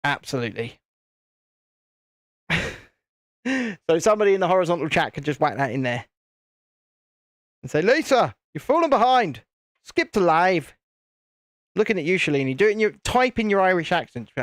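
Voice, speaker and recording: A man's voice: on the high side, lively intonation, fairly quick, pauses often, dry recording, clean studio sound. A British man casually chatting and rambling with jokes while hosting a live building stream. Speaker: livestream host.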